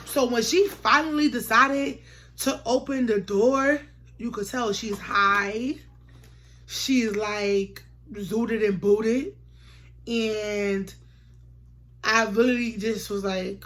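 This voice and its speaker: A young woman vlogger telling a storytime tale in slangy, animated chat, acting out the lines of the people in it. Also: on the high side, normal speed, slight background noise. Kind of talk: storytime vlog.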